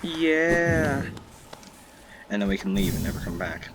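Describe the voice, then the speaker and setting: A man's voice: fairly low pitch, big pitch swings, measured pace, heavy background noise. A man giving playful let's play commentary, joking and scolding his in-game companion. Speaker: gamer commentator. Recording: loud game music behind voice. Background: video game music.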